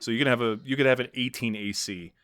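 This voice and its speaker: A man's voice: medium pitch, steady tone, fast, fairly bright tone, clean tone, dry recording, studio quality. A man co-hosting a podcast, chatting playfully in character with a rambling, restarting delivery. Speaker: podcast co-host. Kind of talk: in-character casual chat.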